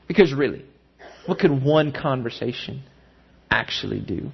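A man with a fairly high voice delivers a sermon. He quickly acts out tempting inner voices, then slows and sinks low on his key phrases. The recording sounds dull and lo-fi. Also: fairly even intonation, vocal fry, husky. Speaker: pastor.

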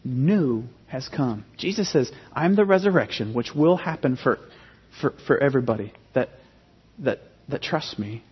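Male pastor, husky voice, emphatic sermon delivery, long hall echo, dull lo-fi sound. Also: medium pitch, normal speed. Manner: animated, emphatic preaching with many restarts.

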